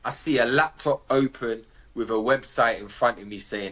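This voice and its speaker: A British man from the UK, appearing as a podcast guest, recounts a personal story in vivid slang and acts out the dialogue. His voice sits fairly low with a fairly bright tone, and he speaks at a normal speed.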